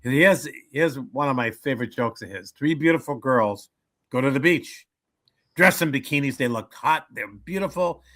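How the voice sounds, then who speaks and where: Energetic older comedian man. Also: mid-range voice, normal speed. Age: 70s. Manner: animated joke-telling, acts out voices. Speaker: comedian guest. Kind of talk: casual interview storytelling.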